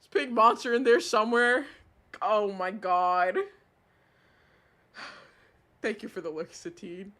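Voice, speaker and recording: Bright-voiced, exasperated male streamer. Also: very high-pitched, a little slow, long pauses. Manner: animated, exasperated, swears often. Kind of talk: live stream reading chat aloud.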